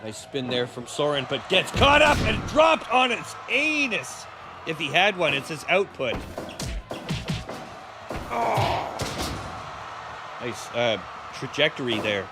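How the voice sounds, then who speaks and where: A man hosting a live stream and calling a wrestling match with bombastic, profane, jokey play-by-play and sudden shouted calls. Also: on the high side, big pitch swings, slow, long pauses, over loud music.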